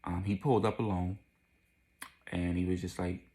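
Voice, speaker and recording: A man narrating a casual storytime, animated, repeating lines and adding vocal sound effects. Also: low voice, moderate pace.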